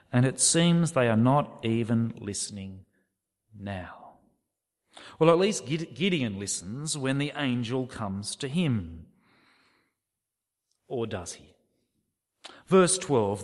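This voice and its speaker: Animated preacher in a reverberant hall. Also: male voice, mid-range voice, slow, pauses often. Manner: expressive, dramatic reading of scripture quotes. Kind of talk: sermon.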